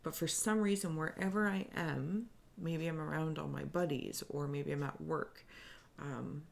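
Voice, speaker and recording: A woman giving a spiritual reading, speaking softly and earnestly in halting, searching phrases that she often restarts. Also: low-pitched, steady tone, gravelly. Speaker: spiritual reader. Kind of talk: improvised intuitive reading to camera.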